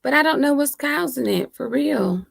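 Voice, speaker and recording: A woman's voice: high-pitched, expressive, normal speed, gravelly, no echo, clean studio sound. A woman hosting a casual livestream, chatting and laughing with viewers and teasing them, speaking into her laptop microphone at home. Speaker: livestream host. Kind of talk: casual live chat with viewers.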